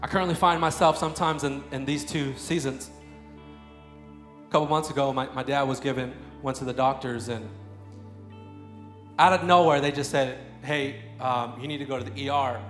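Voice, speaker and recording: A man in his thirties preaching a sermon, moving between quiet personal storytelling and loud, fervent prayer. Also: medium pitch, fairly even intonation, moderate pace. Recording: echoey room with faint music.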